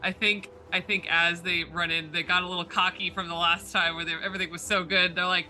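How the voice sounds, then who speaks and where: A man playing in a tabletop game, narrating his character's moves slowly with lots of fillers. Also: high-pitched, level tone, bright, forceful tone, faint music behind. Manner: slow, drawn-out narration with frequent fillers. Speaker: player. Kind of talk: describing actions in a tabletop game.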